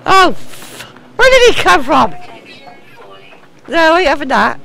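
This British gamer's voice sits high and sounds gravelly, and she takes her time speaking. Her excitable let's play commentary runs over the game music, full of swearing and shrieks at the action.

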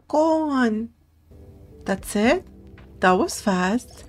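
A woman streamer giving soft-spoken, playful commentary over a puzzle game, reading game text aloud and giggling along. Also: on the high side, animated, drawn-out words, long pauses. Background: faint game music.

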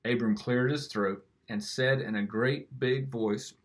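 A man gently reading a picture book aloud to children, with an expressive storytelling manner. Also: medium pitch, a little slow.

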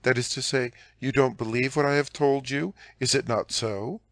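A man reading a shy young female maid in an audiobook, using a hushed, hesitant way of speaking. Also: mid-range voice, fairly even intonation, moderate pace, no room sound, studio quality, pitched above the performer's own voice, close to an everyday voice. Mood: earnest.

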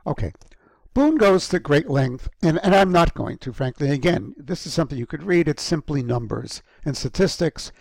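A man delivers a university lecture into a close microphone, his slightly raised voice carrying a gravelly edge. He talks haltingly, with frequent ums and restarts, and keeps clearing an irritated throat. The sound is dry. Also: fairly high pitch, very animated, a little mellow, dry recording.

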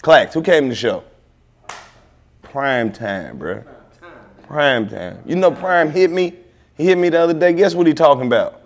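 A man hosting a comedy talk show, telling road stories in casual, profane banter with drawn-out emphasis. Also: on the high side, animated. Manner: brash storytelling, heavy cursing, drawn-out emphasis. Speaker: comedian host. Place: living room set.

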